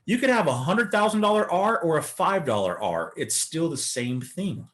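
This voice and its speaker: A man's voice: on the high side, very animated, normal speed, a bit bright. A man teaching a live beginner day-trading lesson, coaching and talking through chart examples. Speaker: trading instructor.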